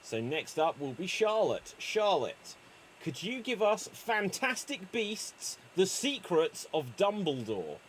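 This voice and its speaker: A man's voice: high voice, sing-song, takes it slowly, slight background noise. A man hosting an online improv show, calling time and handing out movie prompts with a playful, laughing manner. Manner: playful, laughs between cues.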